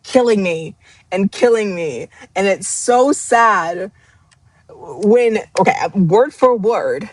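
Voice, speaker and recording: A woman of medium pitch speaks slowly with long pauses, recorded with no echo. At her screen and wearing glasses, she hosts a casual live book club stream and gets emotional as she rereads passages, laughing and nearly crying.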